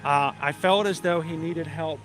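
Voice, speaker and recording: A man's voice: fairly high pitch, normal speed. A middle-aged man telling a story casually on a theme park livestream, chatty and self-deprecating, laughing often. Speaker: livestream vlogger. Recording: music playing loudly behind.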